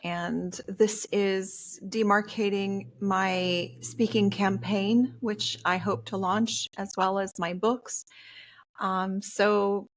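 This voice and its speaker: A woman speaks as a guest on an interview podcast. She talks very slowly, in a middle pitch, choosing her words with care. Her manner is earnest and heartfelt. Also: steady tone. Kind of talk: interview conversation.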